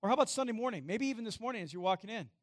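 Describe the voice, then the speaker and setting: A man preaching a sermon in a church, chatting with the congregation and asking them questions, getting louder for emphasis and going quiet and low to read scripture. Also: expressive, rapid-fire, no echo, studio quality. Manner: conversational, self-deprecating, asks the congregation questions. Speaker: pastor. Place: church sanctuary.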